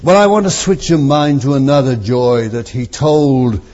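A man preaching a sermon with fervour, his voice moving from near hushes to strong, drawn-out exclamations. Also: medium pitch, lo-fi sound. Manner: fervent, swinging from soft to loud, drawn-out phrases.

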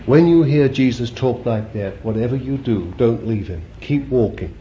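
A man's voice: medium pitch, normal speed, dark tone. A man preaching a sermon in a conversational way, repeating phrases and putting questions to his listeners. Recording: dull lo-fi recording with faint hiss.

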